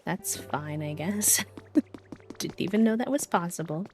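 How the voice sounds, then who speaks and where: A woman's voice: on the low side, animated, unhurried, darkish tone, soft background music. A woman streaming a game live, chatting casually and laughing often as she plays.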